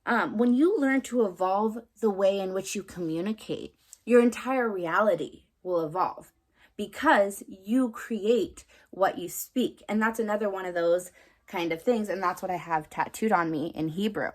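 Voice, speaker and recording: A woman's voice: medium pitch, normal speed. Young woman vlogging spiritual stuff, casual and rambly, lots of ums and likes. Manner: rambling, filler-heavy, frequent "like" and "right?".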